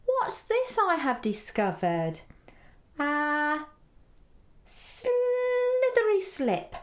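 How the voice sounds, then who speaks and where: A woman's voice: sits high, sing-song, drawn-out words, faint music behind, voice pushed up, exaggerated voice. A woman voicing a curious little boy exploring outdoors, inquisitive and delighted with each find, in a read-aloud children's story.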